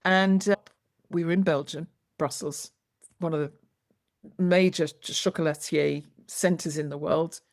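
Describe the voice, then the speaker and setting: Brief: woman educator as podcast guest, somewhat low voice, lively storyteller. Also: unhurried. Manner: lively, expressive, acts out quoted lines. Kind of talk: animated storytelling in conversation.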